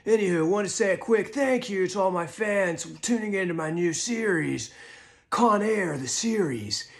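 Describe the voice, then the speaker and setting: A man playing an eccentric male movie star who delivers lines theatrically and shouts in bursts. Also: sits high, animated, normal speed, voice pushed up. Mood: manic.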